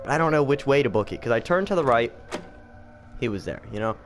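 This man's mid-range voice is expressive and quick as he curses his way through a horror game in casual let's play commentary. He's jumpy and jokes nervously, recorded on a desk mic with a little hiss or hum.

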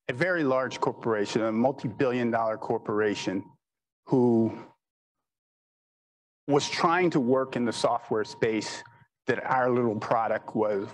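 In this poor-quality recording, a man with a medium-pitched voice rambles through business anecdotes in a chatty manner. He keeps saying "you know" and laughs at his own stories as he goes.

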